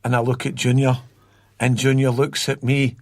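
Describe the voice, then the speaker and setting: Scottish male podcast guest, rambling storyteller, even tone, close dry mic. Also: mid-range voice, normal speed, dry recording. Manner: rambling, repeats words while recalling. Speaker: guest from a youth football academy.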